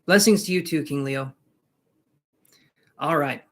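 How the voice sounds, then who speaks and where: A man's voice: a little high, unhurried. A man giving tarot readings on a live stream, chatting casually with viewers in a jokey, reassuring way. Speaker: tarot reader.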